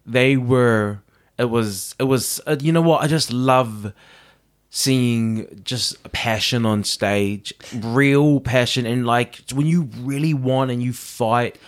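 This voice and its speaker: A man's voice: mid-range voice, slow pace. A man co-hosting a casual recap podcast, rambling and laughing, sounding unwell. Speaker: podcast co-host.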